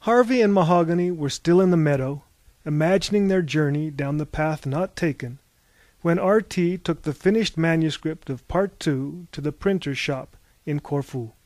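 A man narrating an audiobook in a measured storytelling voice. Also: on the high side, darkish tone, no echo.

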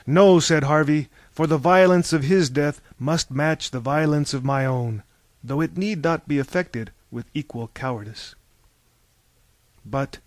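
A man reading a novel aloud as narrator, in measured storytelling that turns theatrical in the dialogue. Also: medium pitch, no echo. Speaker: audiobook narrator. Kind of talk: scripted narration.

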